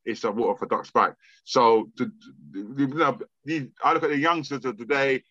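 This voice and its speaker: A man's voice: mid-range voice, moderate pace, sharp tone, no echo, highs cut off. A man, a music promoter telling stories in a casual podcast interview, rambling and repeating words, swearing freely.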